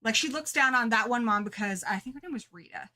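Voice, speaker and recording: A woman's voice: a little high, lively intonation, quick pace, bright, forceful tone. A woman co-hosting a book club chat, talking casually and animatedly and often laughing at herself.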